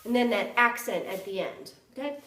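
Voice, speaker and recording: A woman flute teacher walks through a practice passage, counting beats aloud and singing the syllables in a fairly high voice. She is heard from some distance in an echoey room, with flute playing behind her. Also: animated, normal speed, over music. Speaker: flute instructor. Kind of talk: music lesson, counting and demonstrating.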